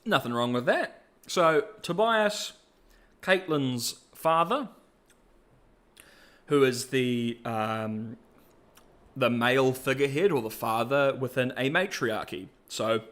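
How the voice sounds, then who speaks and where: A man's voice: medium pitch, lively intonation, slow pace, fairly bright tone. A male podcast host chatting casually, rambling and self-deprecating, laughing often. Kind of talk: casual commentary.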